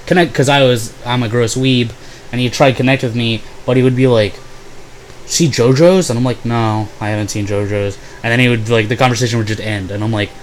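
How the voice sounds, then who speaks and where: A young man casually telling a profane, sarcastic story about old roommates, mocking them in quick voices. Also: mid-range voice, a little hiss or hum, rough recording. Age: young adult. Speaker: vlogger.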